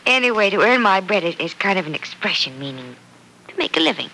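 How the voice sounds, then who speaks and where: A patient young woman reading a fairy tale aloud to a child. Her pitch moves in lively swings and her tone is bright. The style is 1940s radio drama. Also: fast, creaky, slight background noise, exaggerated voice, low-quality recording. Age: young adult. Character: young bride-to-be, kind aunt figure.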